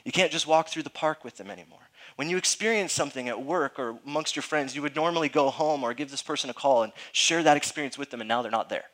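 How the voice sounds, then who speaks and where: Bright-voiced earnest male pastor preaching. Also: fairly high pitch, fast, few pauses. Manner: earnest, emphatic, often checks in with listeners; informal, frequent fillers and restarts. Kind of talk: conversational sermon.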